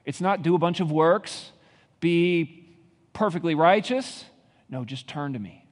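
A man's voice: fairly high pitch, expressive, a little slow, big-room sound. A man preaching a sermon, building intensity with rhetorical questions. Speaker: pastor.

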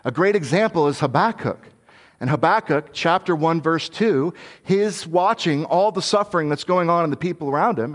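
A man's voice: a little high, animated, normal speed. A man giving a conversational sermon, earnest and candid, thinking aloud as he goes.

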